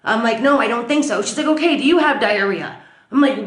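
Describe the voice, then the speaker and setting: A woman vlogger telling a story in a chatty, animated way, full of fillers. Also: fairly high pitch, a little fast, echoey room. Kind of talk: casual storytelling to camera. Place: at home.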